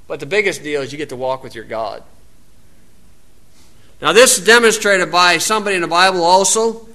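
A man's voice: high-pitched, a little fast, pauses often, pushed and bright. A man with an American accent giving an informal, folksy Bible teaching outdoors, wandering into asides and rising to emphatic preaching.

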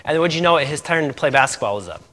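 A man preaching and recounting a testimony with lively energy, his tone bright and forceful. He laughs often and acts out the other voices in his story. His voice rings out with a long echo in a large hall. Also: fairly high pitch, racing. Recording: echoey hall.

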